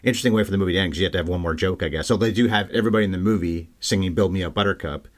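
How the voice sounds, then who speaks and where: A man co-hosting a podcast, chatting casually and with energy about a film. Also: low-pitched. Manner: chatty, animated, quick. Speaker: podcast co-host. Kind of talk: casual film-review chat.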